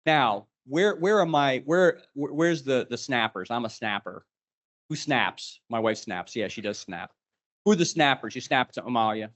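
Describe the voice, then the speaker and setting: A man's voice: medium pitch, a bit bright. A man leading a live leadership workshop, animatedly quizzing the group. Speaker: leadership trainer.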